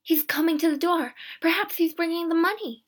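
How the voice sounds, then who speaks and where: A woman voicing an anxious, excitable old housewife, her lines pitched up and exclaimed. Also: a little slow. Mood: excited. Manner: exclaiming, rising high.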